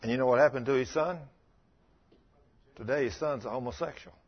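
Man, pastor, sermon, husky, folksy, emphatic, lo-fi sound. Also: medium pitch, brisk. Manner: folksy storytelling preacher, rising to emphatic scolding.

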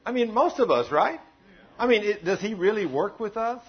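A man's voice: high-pitched, animated, normal speed, highs cut off. A man preaching a folksy, humorous sermon full of stories and drawled asides.

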